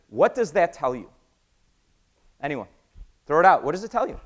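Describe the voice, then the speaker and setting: An American man giving an energetic conference talk, quizzing the audience and acting out conversations. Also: fairly high pitch, normal speed, pauses often. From United States. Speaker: conference speaker. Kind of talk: keynote talk with acted-out dialogue.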